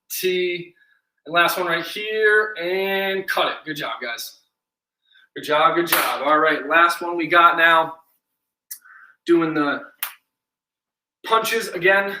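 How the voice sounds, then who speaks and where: A man's voice: a little high, bright, forceful tone. A man leading a live-streamed workout class, upbeat and encouraging, counting reps aloud and a little out of breath. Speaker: fitness instructor. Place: indoor room, home workout stream. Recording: echoey room, distant mic.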